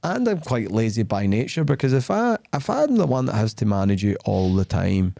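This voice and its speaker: A man's voice: fairly low pitch, moderate pace, gravelly, no room sound, studio quality. A middle-aged man with a Glaswegian Scottish accent, hosting a casual podcast and acting out dialogue as he tells stories. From Glasgow, Scotland. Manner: animated storyteller acting out dialogue. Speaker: podcast host, sales leader.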